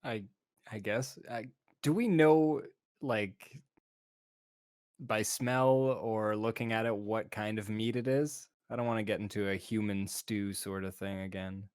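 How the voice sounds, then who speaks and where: Slow, hesitant man playing a tabletop game. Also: lowish voice, steady tone, a little mellow, no echo, studio quality. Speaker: tabletop player. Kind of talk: casual tabletop play.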